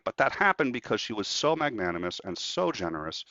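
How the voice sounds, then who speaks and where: A man speaking as a guest in a casual conversation, telling stories in an animated way and acting out what people said. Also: on the low side, fairly quick. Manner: animated storyteller acting out quotes. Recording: dull, dry lo-fi sound.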